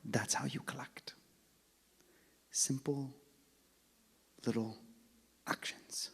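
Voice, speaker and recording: A man giving a religious talk and telling a story, swinging from loud calls to hushed near-whispers and acting out both sides of a conversation. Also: medium pitch, fairly even intonation, drawn-out words, gravelly. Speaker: speaker at an Islamic center. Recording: long hall reverb.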